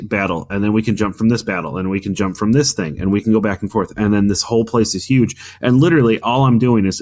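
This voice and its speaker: A man with a fairly low voice talks games on a podcast. He rambles, doubles back on his words and argues his views with conviction. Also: darkish tone. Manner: rambling, many restarts and fillers; opinionated, argumentative. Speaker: podcast co-host. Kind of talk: casual gaming chat.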